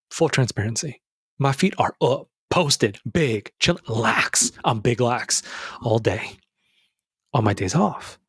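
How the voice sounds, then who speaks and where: A young man hosting a podcast, giving a casual, earnest motivational talk that addresses the listener as brother and jumps up in pitch when he stresses a point. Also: a bit bright, breathy edge, no room sound, clean studio sound. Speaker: podcast host. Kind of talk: motivational monologue.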